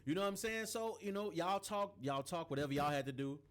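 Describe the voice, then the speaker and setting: A man on a podcast telling a story in casual chat, animated and slangy with lots of asides. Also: sits high, fast.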